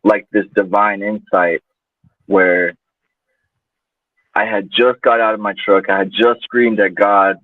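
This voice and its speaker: A man's voice: lowish voice, flat delivery, slow, long pauses, no echo. A man guest telling a personal story in a loose, casual way, full of fillers. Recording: tinny phone-like line, dry.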